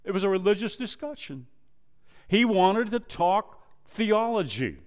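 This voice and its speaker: A male pastor preaching a sermon, quoting scripture and acting out dialogue, swinging from loud emphasis down to a low hush. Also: very animated. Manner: preaches slowly, rises loud then drops to a low hush; quotes scripture and acts out dialogue.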